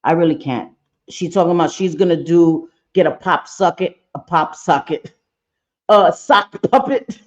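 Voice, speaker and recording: A woman's voice: low-pitched, fairly even intonation, normal speed, darkish tone, muffled recording. A woman doing a casual livestream reaction, blunt and profane, talking straight to her chat. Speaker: livestream commentator.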